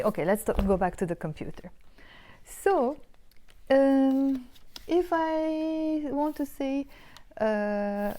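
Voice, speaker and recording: Patient Lebanese woman teaching, mellow voice. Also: medium pitch. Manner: explains patiently, repeats words slowly. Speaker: Arabic teacher. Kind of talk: online language lesson.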